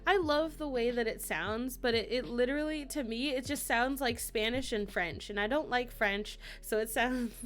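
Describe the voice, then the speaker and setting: A woman's voice: a little high, normal speed, few pauses. A young woman streamer chatting casually with her live viewers, rambling and laughing often. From United States.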